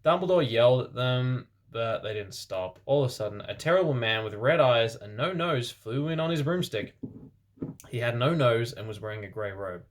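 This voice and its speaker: A man reading fan fiction aloud for comedy, in a mid-range voice. He delivers the text plainly and cuts in with deadpan, sarcastic asides. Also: medium pitch, moderate pace. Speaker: reader and host.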